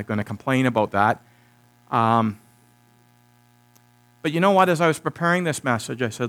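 A man preaching a sermon in a church service, speaking directly to the congregation and slowing down to repeat key phrases for emphasis. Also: a little high, a bit bright. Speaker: pastor.

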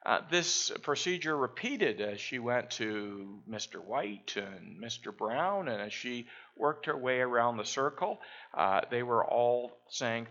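A man telling small everyday stories in a casual, unhurried way, pausing often with "uh". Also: mid-range voice, expressive, fairly bright tone, muffled recording. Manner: unhurried, with frequent "uh" pauses. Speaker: storyteller. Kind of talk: casual storytelling.

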